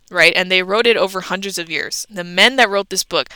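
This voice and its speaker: Young woman podcast host, casual storyteller who swears freely, bright crisp voice, dry close sound. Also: lowish voice, a little fast, hardly any pauses, dry recording, poor audio. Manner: chatty and swearing freely, with laughs.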